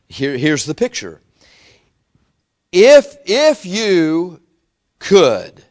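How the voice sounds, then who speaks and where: A man preaching a sermon, acting out little scenes and swinging from loud outbursts to hushed asides. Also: mid-range voice.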